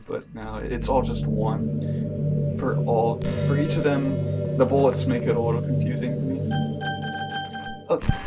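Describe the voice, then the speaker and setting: A man mutters casual game commentary in a hushed, mid-pitched voice, keeping it quiet for the late hour. Loud game music runs underneath him the whole time. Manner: mumbling, hushed late-night talk. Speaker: let's play gamer.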